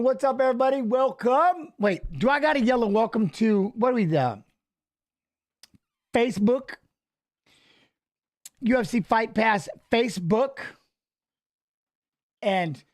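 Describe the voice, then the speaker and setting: A man with a high voice hosts a casual live stream before the fights. He greets chat viewers one by one, joking loosely and trailing off into mumbled asides. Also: animated, measured pace, long pauses. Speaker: host of a fight watch-along stream.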